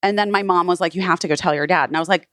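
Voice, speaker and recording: A woman's voice: on the low side, racing, a bit bright, no room sound, studio quality. A woman being interviewed, telling a personal story casually with many "like" fillers and quoted dialogue. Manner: frequent "like" fillers, retells others' words. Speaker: guest.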